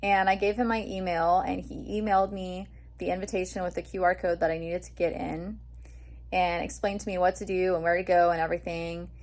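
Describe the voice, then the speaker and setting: A young woman vlogging, telling an excited story in a chatty way with lots of fillers. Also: fairly low pitch, brisk. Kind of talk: casual storytelling vlog.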